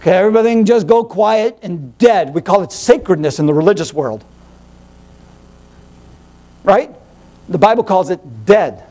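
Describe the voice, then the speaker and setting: A male pastor preaching a sermon in an animated, rhetorical way, firing questions at the congregation. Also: sits high, unhurried, long pauses.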